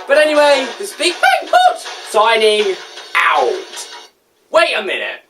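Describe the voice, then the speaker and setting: A woman's voice: fairly high pitch, wildly swooping pitch, slow, loud music behind the voice. A woman giving a casual video game review, sarcastic and ranting, full of rhetorical questions and exasperated asides.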